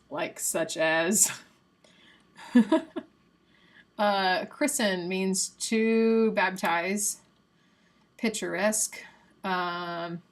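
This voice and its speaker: A woman from the United States hosting a livestream in a chatty, casual way, reading quiz answers aloud and laughing often. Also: medium pitch. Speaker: livestream host.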